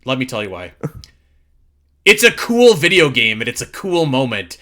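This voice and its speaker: A man's voice: mid-range voice, big pitch swings, normal speed, bright, forceful tone. A young man co-hosting a casual podcast, talking enthusiastically and emphatically with many restarts. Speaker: podcast co-host.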